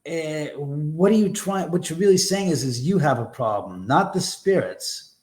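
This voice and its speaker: Emphatic rambling man, a bit high. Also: expressive, normal speed, a little mellow. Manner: emphatic, rambling, blunt with mild swearing. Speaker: guest, haunted house owner. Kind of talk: animated conversational storytelling.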